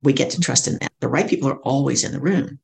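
Gravelly middle-aged woman telling a story. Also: extremely low pitch, fast talker. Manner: acts out others' lines in lively voices. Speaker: professional speaker and coach. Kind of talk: animated storytelling in an interview.

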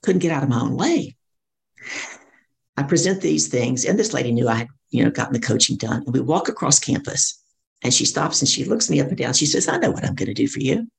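A middle-aged woman, a professional speaker and coach, telling her story in an interview and acting out other people's lines in lively voices. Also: extremely low pitch, fairly quick, gravelly.

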